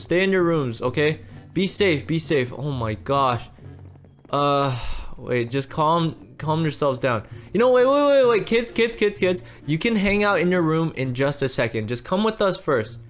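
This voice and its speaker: A man's voice: on the high side, animated, measured pace, fairly bright tone, soft background music. A man hosting an improvised game roleplay, playing a fussy father who repeats himself and fusses over his kids. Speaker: roleplay host and lead character.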